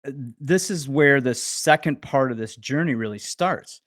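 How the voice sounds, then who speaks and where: Measured male podcast host. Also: medium pitch, animated, a bit bright. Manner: measured, with hesitant fillers. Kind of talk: casual interview.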